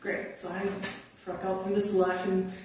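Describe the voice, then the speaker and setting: Animated woman telling stories, echoey distant mic. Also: mid-range voice, normal speed, slight background noise. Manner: animated, laughing, acts out quotes. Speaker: conservation officer giving a talk. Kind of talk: storytelling to an audience. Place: indoor talk venue.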